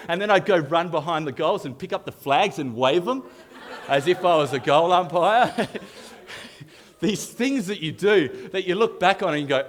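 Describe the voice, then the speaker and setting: An Australian man giving a humorous live youth talk, telling self-mocking stories in an animated way and chuckling often. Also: a little high, moderate pace. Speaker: youth leader. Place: live youth event on stage.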